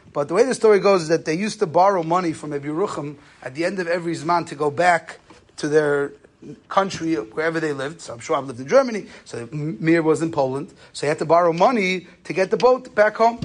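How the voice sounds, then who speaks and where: Quick, high-voiced man teaching a Torah class. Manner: conversational, storytelling, Yiddish and Hebrew terms. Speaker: rabbi lecturer. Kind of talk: Torah lesson on Jewish law.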